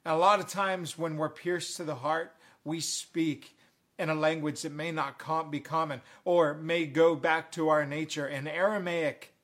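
A man delivers an online sermon as a preacher, pressing his listeners with earnest, repeated appeals. His voice sits fairly high for a man. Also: steady tone, unhurried, a bit bright. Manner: earnest, repetitive heartfelt appeals.

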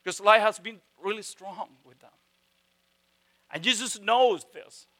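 Guy preaching a sermon, slow and deliberate, leans hard on words then goes quiet. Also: high voice. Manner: emphatic, swings from loud stresses to hushed tones; slow, deliberate delivery with repeated phrases. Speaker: pastor.

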